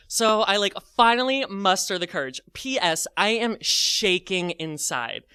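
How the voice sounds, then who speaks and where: A man tells a funny personal story with lively energy, dropping constant fillers and playing out his own inner voice. His voice is close and dry. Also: high voice, a little slow, hardly any pauses, smooth, no room sound. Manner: animated, full of "like", acts out his own thoughts.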